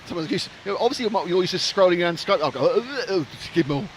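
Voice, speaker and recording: Here a fiftysomething man delivers live race-stream commentary in a cheerful, rambling way, packed with jokes and side remarks. He speaks fast with lively intonation, his somewhat high voice leaping in pitch over faint noise. The tone is chatty and jokey throughout.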